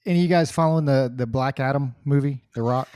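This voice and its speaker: A man co-hosting a casual podcast, asking measured, unhurried questions. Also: mid-range voice, a little mellow, clean tone, no room sound, studio quality. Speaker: podcast co-host.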